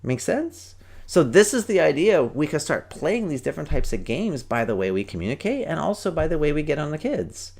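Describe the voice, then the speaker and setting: A man hosts a parenting podcast in a lively coaching voice. He keeps asking the listener questions. He slips into little acted-out scenes. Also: a little high, brisk, gravelly. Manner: animated, asks the listener questions.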